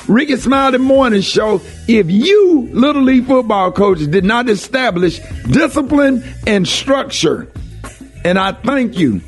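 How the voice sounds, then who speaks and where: A man's voice: very high-pitched, very animated, measured pace, faint music behind. An older man, hosting a morning radio show and delivering an impassioned monologue with a lot of emphatic repetition. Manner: emphatic and preachy, repeats phrases for emphasis.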